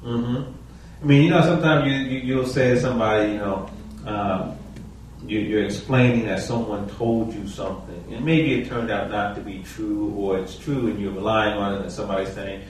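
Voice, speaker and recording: A man's voice: lowish voice, fairly even intonation, normal speed, slight background noise. A man leading a Bible study, talking conversationally and asking the group questions. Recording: echoey room, mic far off.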